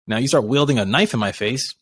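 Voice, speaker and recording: A man's voice: mid-range voice, fast talker, breathy edge. A man talking casually on a podcast, laid-back and blunt. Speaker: podcast co-host.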